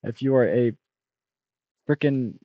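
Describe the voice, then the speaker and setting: A man in his twenties streaming a blunt, rambling reaction, critical and quick to restart his sentences. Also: medium pitch, no echo, muffled recording. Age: 20s. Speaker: streamer reacting to a review video. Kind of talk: casual rambling reaction commentary.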